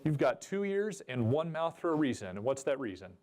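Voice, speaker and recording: A man's voice: mid-range voice, big pitch swings, a little fast, darkish tone. A man giving a jokey, chatty seminar talk at a convention and asking the audience questions. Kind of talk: live presentation to a room.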